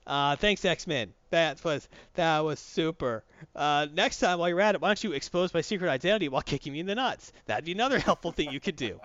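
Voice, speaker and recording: A man's voice: on the high side, animated, brisk, fairly bright tone, no echo, muffled recording. A man in casual chat, recapping a comic book plot with mocking put-on voices for the characters. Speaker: comic book podcast co-host.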